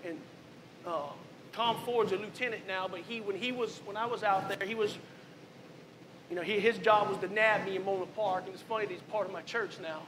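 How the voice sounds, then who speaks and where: A man's voice: high voice, fairly even intonation, fairly quick, echoey room, noisy background. A man pastor giving a candid testimony sermon, telling his life story in a conversational way, full of asides. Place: church sanctuary.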